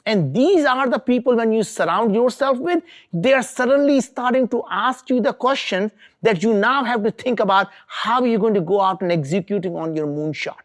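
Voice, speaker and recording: A middle-aged man from India, giving an earnest, emphatic motivational talk as an entrepreneur. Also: high-pitched. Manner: earnest, emphatic, repeats for stress. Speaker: entrepreneur speaker.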